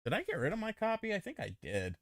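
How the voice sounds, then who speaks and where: Stream host, man, very animated pitch, bright tone, dry close sound, reads donos and teases. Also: quick pace, dry recording. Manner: animated, teasing, swears freely. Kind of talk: casual livestream chat reading donations.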